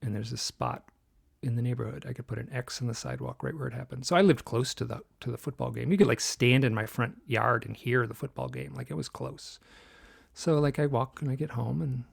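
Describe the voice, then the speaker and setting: Gravelly, husky man in his sixties from Michigan, animated interview storyteller. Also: medium pitch, brisk, no echo, clean studio sound. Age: 60s. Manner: animated storyteller, drops to a whisper for tense moments. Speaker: guest author.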